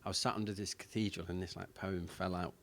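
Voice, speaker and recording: A man with a very deep voice talks loosely on a radio show. His sentences wander and restart as he explains his work. He is a poet reading his own writing. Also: level tone, quick pace, a bit bright. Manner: rambling, lots of "like" and restarts. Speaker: poet and guest. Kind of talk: casual radio chat and poetry reading.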